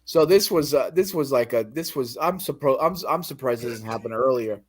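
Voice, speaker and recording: A man's voice: medium pitch, lively intonation, a little fast. A man in casual chat, telling a story in a profane, ranting way. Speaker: guest telling his story.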